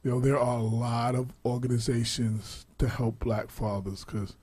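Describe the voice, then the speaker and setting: A man in his forties, co-hosting a radio talk show, telling stories in a casual, animated way with laughs. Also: mid-range voice, moderate pace, husky, dry recording. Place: radio studio.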